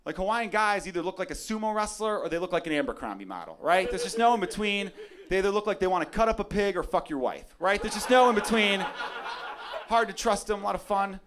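Man, young adult, stand-up comedian, brash, shouty rants, mumbled asides, slightly high voice, live club recording, audience laughter. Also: expressive, quick pace, crowd noise.

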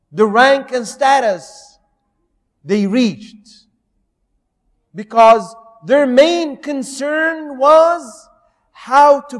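A man teaching a Quran lesson, telling stories in a measured way and speaking directly to his listeners. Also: extremely high pitch, big-room sound. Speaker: Islamic teacher.

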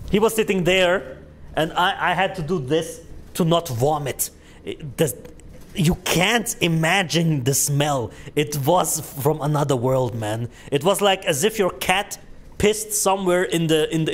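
A young man streaming a horror game breaks off into a rambling, profanity-laced story. He piles on fillers and restarts and laughs at his own telling. His voice sits a little high for a man. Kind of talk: casual gaming stream storytelling.

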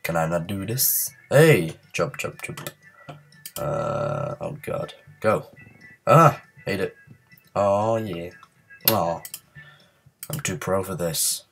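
Sick guy doing let's play commentary, really low voice, grumbling and cursing at the game. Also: slow, vocal fry, pauses often, faint music behind. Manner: frustrated, mutters and swears at the game. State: ill. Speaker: gaming channel host.

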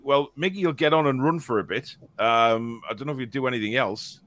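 Bright-voiced fan show host. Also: male voice, medium pitch, brisk, a little hiss or hum. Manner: chatty, laughing, with many fillers and restarts. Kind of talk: casual live chat, reading viewer comments.

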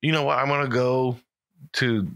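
A man playing a tabletop horror game, talking in an excitable, joking way. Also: mid-range voice, slight background noise. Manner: excitable, joking, quick to laugh. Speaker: player. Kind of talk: casual tabletop game play.

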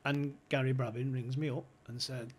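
A man's voice: mid-range voice, little pitch movement, normal speed, slightly rough. A man telling stories casually, swearing and laughing as he goes. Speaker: podcast guest, former club insider. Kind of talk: casual storytelling chat.

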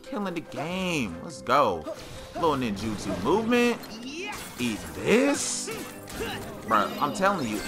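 A man giving excited gameplay commentary, slangy and trash-talking, with loud outbursts. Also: on the high side, takes it slowly, long pauses. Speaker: gaming YouTuber. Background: game music.

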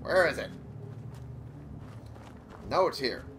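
A man's voice: medium pitch, very animated, a little slow, pauses often, fairly bright tone, a little hiss or hum. Man muttering through a game. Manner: muttering, self-deprecating, swears often. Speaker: gameplay commentator. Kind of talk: casual gameplay commentary.

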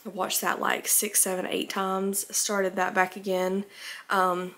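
A woman's voice: medium pitch, monotone, measured pace, a bit bright. A young woman from Alabama, chatting casually in a rambling home vlog, a little out of breath. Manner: rambling, filler-heavy, chatty. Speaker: vlogger.

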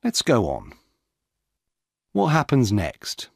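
A man voicing Dan, a calm, firm male police officer, in a plain matter-of-fact way. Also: mid-range voice, slow pace, vocal fry, dry recording, clean studio sound, full character voice.

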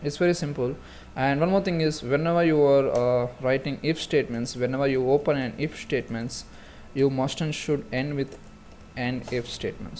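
A man's voice: mid-range voice, a little mellow, a little hiss or hum. A man giving a casual screen-recorded coding tutorial, talking through each step with frequent fillers and restarts. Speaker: programming tutor.

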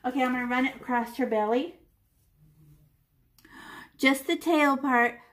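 A woman's voice: sits high, unhurried, a bit bright. A woman art teacher leading a children's painting lesson step by step, chatty and playful, with little sound effects and voices.

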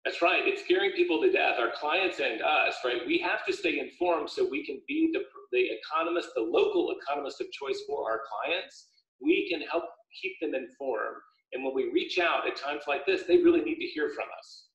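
A man, an author speaking as a guest, chatting casually on a video call with a steady, upbeat, explanatory manner. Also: a little high, moderate pace. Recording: echoey room, dull lo-fi audio.

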